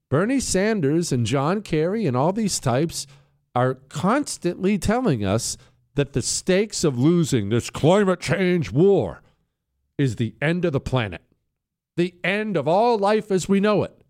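Combative, sarcastic male talk radio host. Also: high-pitched. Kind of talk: opinionated talk radio monologue.

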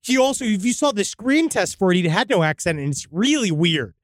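A man's voice: sits high, very animated, a little fast, no room sound, clean studio sound. A man co-hosting a casual podcast, loosely retelling ghost stories with jokes and asides. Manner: loose, jokey retelling with mock broken grammar. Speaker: podcast co-host.

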